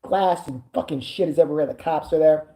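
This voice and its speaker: A woman vlogger telling a story to camera, animated and full of swearing. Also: deep voice, quick pace, reverberant. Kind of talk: storytime anecdote.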